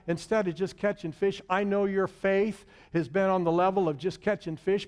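A man preaching a sermon, swinging between booming emphasis and hushed, drawn-out lines. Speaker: pastor.

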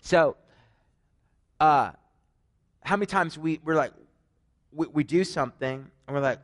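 A man's voice: fairly high pitch, unhurried, long pauses. A man with a Canadian accent preaches a conversational sermon, telling stories with joking asides. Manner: animated storytelling, joking asides.

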